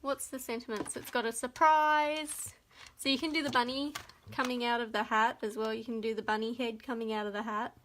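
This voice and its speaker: A woman's voice: fairly high pitch, steady tone, fairly quick, a bit bright, slight background noise. An Australian woman giving a live crafting demonstration, chatting to viewers as she works. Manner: chatty, talks to viewers while working. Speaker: papercraft demonstrator.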